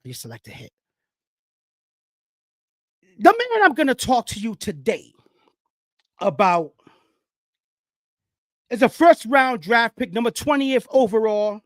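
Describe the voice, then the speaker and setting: A man hosting a casual football talk show, his voice rising and falling animatedly as he lectures and hypes his audience. He lets out whoops of excitement. The sound is dry, with no room echo. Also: high voice. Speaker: sports show host. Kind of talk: casual sports talk monologue.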